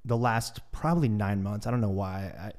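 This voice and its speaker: A man's voice: on the low side, normal speed, darkish tone. A man hosting a casual interview, asking easygoing follow-up questions and joking along. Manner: easygoing, asks follow-ups, jokes with the guest. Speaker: podcast host.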